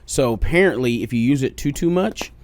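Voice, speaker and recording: A man's voice: mid-range voice, animated, fairly quick, slight background noise. A man co-hosting a podcast, talking in casual banter with jokes and profanity. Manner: joking, profane, rambling. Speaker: podcast co-host. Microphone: studio podcast mic.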